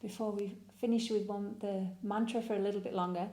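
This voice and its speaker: A woman's voice: mid-range voice, steady tone, brisk, warm tone, echoey room. A woman co-hosting a casual conversation, speaking encouragingly and backing up her partner with frequent agreeing murmurs. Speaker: co-host.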